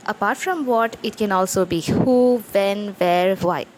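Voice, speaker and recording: A woman teaching an English grammar lesson, speaking slowly and carefully as she reads out example sentences. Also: medium pitch, slight background noise, rough recording. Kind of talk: slow explanatory grammar lesson.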